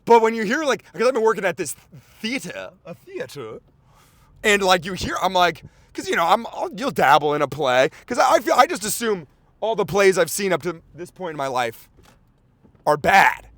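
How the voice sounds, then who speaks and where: A man with a fairly high voice that leaps up and down as he rants, hosting a podcast in loose, rambling chat. He swears freely, stumbles through fillers and restarts, and bursts into excited yelps. The sound is close and dry. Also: normal speed, dry recording. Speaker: podcast host.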